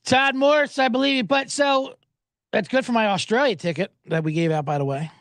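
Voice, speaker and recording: A man's voice: extremely high pitch, brisk, a bit bright, no room sound. A man hosting a sports betting podcast, riffing sarcastically and profanely while reading viewer comments aloud.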